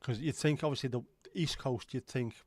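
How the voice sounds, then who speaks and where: A man speaks at medium pitch and a moderate pace as he hosts a livestream, with no room sound. He chats casually through viewer comments, rambling, joking, and swearing offhandedly.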